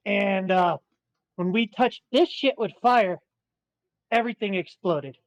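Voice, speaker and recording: A man's voice: high-pitched, unhurried, no echo, dull audio. A man playing in an online tabletop game, chatting casually, swearing freely and rambling. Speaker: player.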